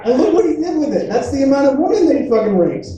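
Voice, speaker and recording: A man's voice: extremely high pitch, big pitch swings, fast talker, a crowd in the background. Self-mocking comedian man in an echoey room. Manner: rambling, self-mocking, acts out voices. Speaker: stand-up comedian. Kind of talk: stand-up comedy set. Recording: echoey room picked up from a distance.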